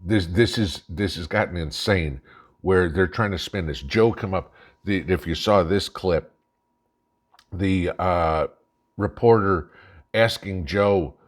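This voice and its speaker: A man with a low, deep voice rants straight at his audience. He is blunt and profane, and he mocks his targets throughout his monologue. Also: slow. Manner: angry, blunt, profane and mocking. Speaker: channel host. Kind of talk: ranting political monologue.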